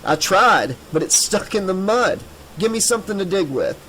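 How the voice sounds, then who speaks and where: A man reading as a bald middle-aged diver, gruff and nervous under the surface. His voice sits a touch higher than the narration, with a storybook delivery. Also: sing-song, normal speed, bright, forceful tone, a little hiss or hum, heavily acted, rough recording. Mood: urgent.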